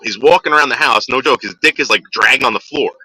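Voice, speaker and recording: A man's voice: mid-range voice, fast, sharp tone, breathy edge, no echo, poor audio. A man in his forties from northern New Jersey, casually telling rambling, profane stories to his viewers and acting out what people said. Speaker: vlogger.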